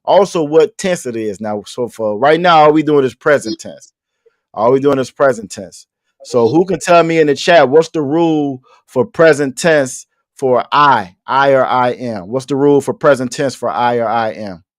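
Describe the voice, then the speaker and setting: A man's voice: medium pitch, moderate pace, no room sound. Guy teaching online class, patient, repeats stuff, jokes around, dry close mic. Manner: patient, repeats questions, casual joking with students. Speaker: language teacher.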